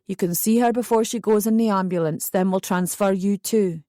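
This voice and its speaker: A woman reading a calm male doctor. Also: medium pitch, moderate pace, dry recording, studio quality, lightly acted. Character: calm matter-of-fact male hospital doctor.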